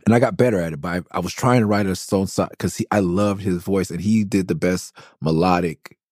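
Casting: deep, warm-toned man in his forties, easygoing podcast host spinning rambling stories into a dry close mic. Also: a little fast, no echo. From Los Angeles. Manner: loose, enthusiastic, rambling with many "like"s. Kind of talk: casual storytelling about his album.

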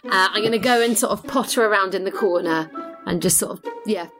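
A woman's voice: medium pitch, a little fast, over music. A woman playing in a tabletop role-playing game, talking in a playful, giggly way. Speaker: player.

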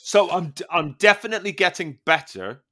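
Bright-voiced man telling a story. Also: high-pitched, brisk. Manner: animated storytelling, swearing, laughing often. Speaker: podcast co-host. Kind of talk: casual chat.

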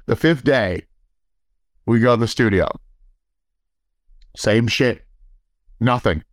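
A man's voice: mid-range voice, slow pace, dry recording. A man in a medium voice tells a rambling, profanity-laced anecdote in a loose, casual way. He keeps slipping into quoted dialogue and chuckling at his own tale. The sound is dry and close, with little room around it. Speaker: storyteller. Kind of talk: casual storytelling.

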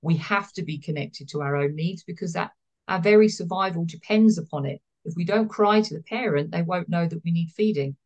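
A woman's voice: fairly low pitch, fairly quick, a little mellow, dull audio. A woman therapist, speaking as a guest in a podcast interview, explaining earnestly and repeating words for emphasis.

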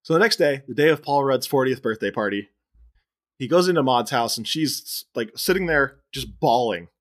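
A man hosting a podcast, recapping a film in casual, animated chat with frequent laughter. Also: medium pitch, moderate pace. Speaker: podcast host.

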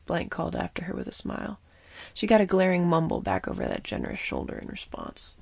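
Woman narrating with a gravelly voice. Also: fairly low pitch, expressive, fast, no room sound. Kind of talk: scripted first-person audio drama narration.

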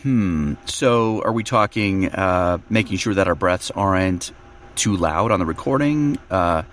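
A man who narrates audiobooks, talking in a relaxed podcast chat and explaining his process with fillers and restarts. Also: deep voice, unhurried, a little hiss or hum.

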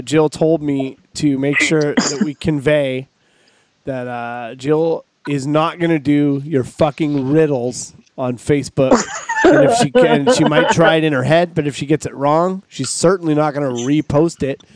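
A man's voice: a little high, a little slow, noisy background. A man hosting a casual comedy podcast, telling rambling, self-mocking stories. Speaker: podcast host.

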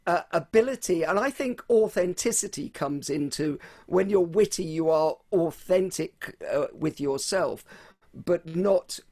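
A man's voice: sits high, a little slow, a little mellow. A man hosting an interview, reflecting and asking questions in a conversational way. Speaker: podcast host.

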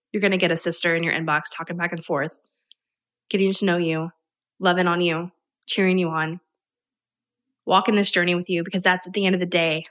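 A young adult woman, a business coach, talking casually and energetically on her own podcast. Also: lowish voice. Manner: chatty, upbeat, energetic. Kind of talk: casual solo podcast talk.

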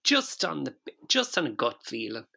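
Very deep-voiced woman, joking. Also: sing-song, moderate pace, creaky, bright, forceful tone. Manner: rambling, playful, hesitant with fillers. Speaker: podcast co-host. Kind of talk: casual chat.

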